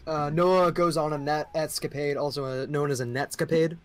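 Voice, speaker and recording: A man's voice: fairly high pitch, steady tone, normal speed, noisy background. A man running a tabletop role-playing game as game master, describing scenes in a loose, improvised way with many fillers.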